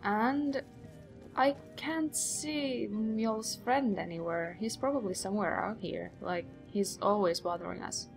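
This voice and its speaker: A woman's voice: medium pitch, a little slow, vocal fry, faint music behind. Chatty young woman doing gameplay commentary. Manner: chatty, rambling, acts out quoted voices. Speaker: let's play host.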